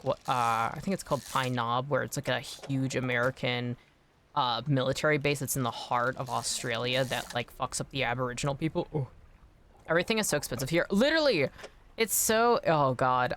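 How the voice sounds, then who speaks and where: A man's voice: medium pitch, brisk, fairly bright tone, a little hiss or hum. A man streaming a game, chatting casually in a rambling, self-deprecating way. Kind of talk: casual gameplay chat.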